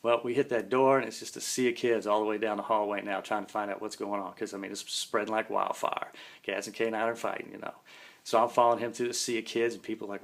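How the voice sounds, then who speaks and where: A man's voice: fairly low pitch, level tone, quick pace, gravelly. A man casually telling a long story from his past, rambling and folksy, full of "you know" and "man".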